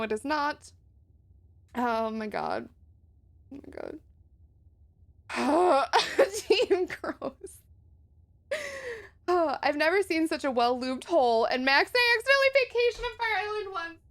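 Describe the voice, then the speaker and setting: A woman's voice: sits high, animated, measured pace, pauses often, a bit bright. A young adult woman streaming a game playthrough, giggling, exclaiming and greeting viewers in chat.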